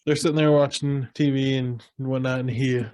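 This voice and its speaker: A man's voice: mid-range voice, moderate pace, clean tone. A man co-hosting a podcast in casual chat, animatedly retelling movie scenes. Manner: animated storyteller acting out scenes. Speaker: podcast co-host.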